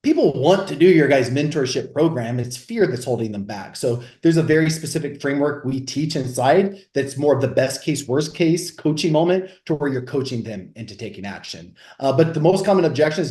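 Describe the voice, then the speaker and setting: A man co-hosting a podcast, coaching on sales in an energetic, instructive way. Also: mid-range voice, echoey room. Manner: energetic, instructive, explaining frameworks. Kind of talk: casual podcast chat.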